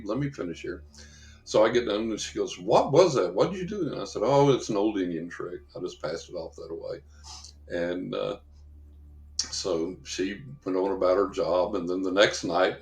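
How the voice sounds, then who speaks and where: His voice is lowish and gravelly as this male psychic investigator rambles through anecdotes for a podcast interviewer, imitating the people he quotes. The recording is reverberant.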